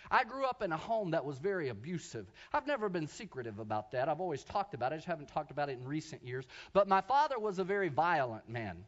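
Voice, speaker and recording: A man preaching a sermon who tells a story, swinging from quiet asides to loud, shouted preaching. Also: a little high, very animated, fast talker, few pauses, muffled recording. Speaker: pastor.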